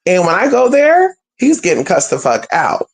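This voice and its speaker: Lively storyteller vlogger with swooping pitch, swears freely, slangy, keeps addressing viewers. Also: normal speed, vocal fry. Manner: animated, profane, slangy, addresses viewers as "y'all". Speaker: spiritual vlogger.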